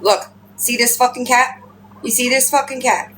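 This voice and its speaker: A woman chatting casually on a home livestream, rambling and swearing, and breaking into high baby-talk with her pets. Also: steady tone, normal speed, fairly bright tone, slight background noise, poor audio. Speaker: livestream host. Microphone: phone.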